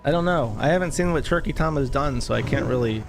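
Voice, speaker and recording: A man's voice: on the high side, fast talker, loud music behind the voice. An American man streaming live, reading viewer donations aloud with wry, offhand remarks. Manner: wry, offhand, chuckling asides. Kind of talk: casual live-stream chat.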